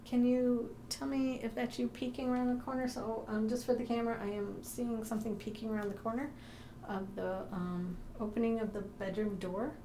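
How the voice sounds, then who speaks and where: Creaky-voiced woman coaxing spirits softly. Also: fairly high pitch, level tone, a little fast, roomy sound, a little hiss or hum. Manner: gentle, coaxing, sprinkled with ums. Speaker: paranormal investigator. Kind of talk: calling out to spirits in her own house. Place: room inside her own house.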